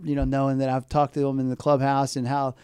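The mascot performer talks fast in a clear, resonant, mid-range voice, bringing his interview anecdotes to life by voicing each character. He's a middle-aged man, captured in clean studio sound with no room sound.

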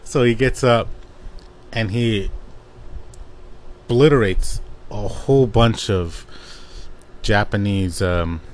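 A man's voice: on the low side, slight background noise. A man casually recapping a comic book plot, rambling with lots of fillers and restarts.

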